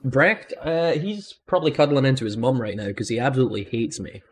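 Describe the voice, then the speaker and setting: A man's voice: mid-range voice, brisk. A young man hosting a casual podcast chat, rambling enthusiastically with lots of "I mean" asides. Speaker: host and dungeon master.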